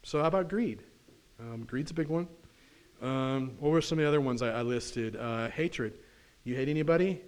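A pastor preaching a conversational sermon in church, often putting questions to the congregation. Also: male voice, mid-range voice, moderate pace, clean tone. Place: church sanctuary.

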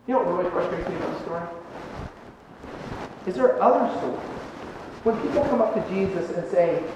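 A man's voice: high voice, fairly quick, background noise. Preaching man in a roomy, echoing hall. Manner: animated, sarcastic, with sudden loud and quiet swings. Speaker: pastor. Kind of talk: sermon. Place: church sanctuary. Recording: echoey hall recording from far off, dull sound.

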